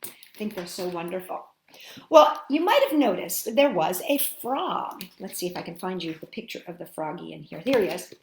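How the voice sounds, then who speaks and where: A woman hosting a storytime, reading a picture book aloud to children with an animated, expressive delivery. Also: on the low side, normal speed, vocal fry, slight background noise. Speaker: storytime host. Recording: echoey room.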